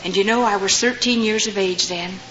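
In a dull, lo-fi recording with faint noise, an older woman shares her testimony before an audience. Her mid-range voice is a bit bright and slightly quick, and she performs the voices of the people in her stories.

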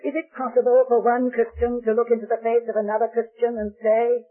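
High-voiced preacher on a tinny old tape. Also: male voice, monotone. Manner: dramatic storytelling, slow emphatic stresses. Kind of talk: sermon.

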